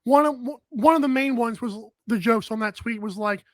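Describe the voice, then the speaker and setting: A man co-hosting a sports talk show, chatting casually and reading posts aloud with quick asides. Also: very high-pitched, a bit bright, no echo. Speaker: radio show co-host.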